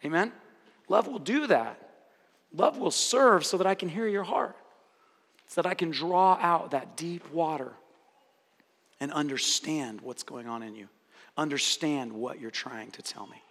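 A male pastor delivers an animated sermon in a high, bright voice. He slips into voices for the people he quotes. His words ring out with a long reverb, as in a large church. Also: measured pace.

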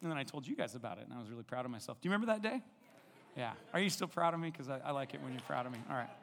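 A man's voice: medium pitch, animated, racing, fairly bright tone. A male pastor telling a personal story in a sermon, conversational and self-deprecating, acting out the dialogue as he goes. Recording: long reverb in a large hall.

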